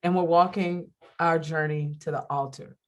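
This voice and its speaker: A woman's voice: low-pitched, moderate pace. A middle-aged woman, a radio host and comedian, chatting candidly as an interview guest and acting out the voices of people she quotes. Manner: animated storyteller who acts out quoted voices. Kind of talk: candid faith interview chat.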